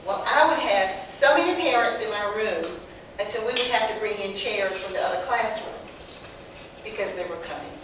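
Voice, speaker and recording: A woman's voice: medium pitch, normal speed, hardly any pauses. Older Southern woman telling stories in an echoey hall. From North Carolina. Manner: lively anecdotes, acting out dialogue, frequent laughter. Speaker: panelist, former teacher. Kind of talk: personal storytelling on a panel. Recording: very echoey distant hall recording with background noise.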